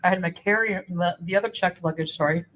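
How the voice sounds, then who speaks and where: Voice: medium pitch, quick pace, fairly bright tone, poor audio. A vlogger telling a rambling, chatty travel story while eating on camera. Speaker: vlogger in clip.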